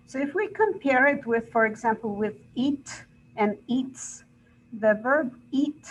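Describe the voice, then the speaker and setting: Slow-paced woman English teacher, patient and deliberate, faint noise behind. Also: medium pitch, low-quality recording. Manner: slow, deliberate, repeats examples and checks with "right?". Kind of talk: grammar lesson explanation.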